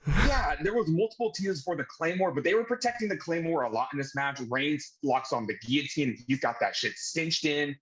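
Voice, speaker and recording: A man from the United States hosting a casual wrestling review chat, excitable and swearing freely. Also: fairly high pitch, fairly quick, husky, rough recording. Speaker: podcast host.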